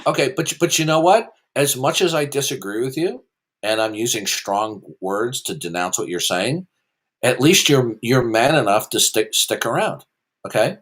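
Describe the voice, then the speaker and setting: A combative man hosting a heated call-in debate, with a voice that swings widely in pitch from low to sharp peaks. His questions come across as condescending and quizzing. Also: lively intonation, moderate pace, breathy edge. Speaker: host.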